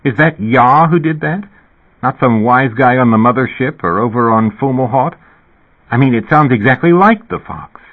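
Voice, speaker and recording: A man voicing a calm, devout young woman who explains things reasonably, his voice lifted a little higher. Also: normal speed, lightly acted. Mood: amused. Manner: calm, reasonable, lightly pitched-up. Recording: tinny phone-like radio sound.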